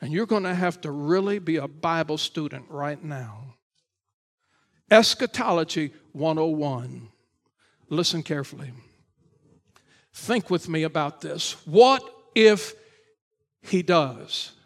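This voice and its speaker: A man, a pastor, preaching a Sunday morning sermon in church, emphatic and repetitive, rising to shouts and then dropping low. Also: lively intonation, slow, pauses often. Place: church service.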